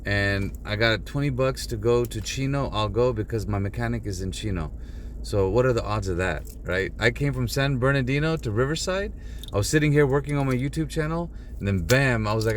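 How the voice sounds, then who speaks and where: A talkative man vlogging from the driver's seat of his car, his voice sitting at an ordinary middle pitch. He rambles from one thing to the next and keeps turning to his viewers to address them directly. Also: a little fast, slight background noise. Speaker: rideshare driver and channel host. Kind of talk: casual vlog talk to camera.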